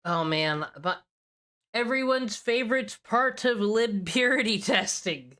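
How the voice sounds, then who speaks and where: A woman's voice: a little high, animated, unhurried, a bit bright. A woman streamer reacting to drama clips in blunt, profane, sarcastic casual commentary.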